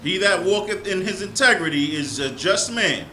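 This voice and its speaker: A man reading numbered scripture verses aloud in a measured, formal way during a service. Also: high voice, lively intonation, pushed and bright, echoey room, slight background noise, low-quality recording. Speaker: scripture reader.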